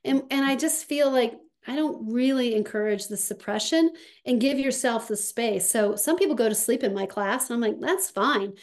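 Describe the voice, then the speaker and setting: Slow, reflective woman in conversation. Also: fairly high pitch. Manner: slow, reflective, with soft pauses. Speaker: guest, somatics practitioner. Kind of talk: conversational interview.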